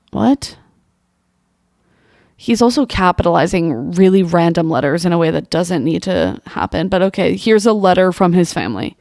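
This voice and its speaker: A woman's voice: fairly low pitch, sing-song, normal speed, darkish tone, no echo, studio quality. A young woman hosting a comedy monologue show, reading social media posts aloud and reacting with exasperated, incredulous rhetorical questions. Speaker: podcast host.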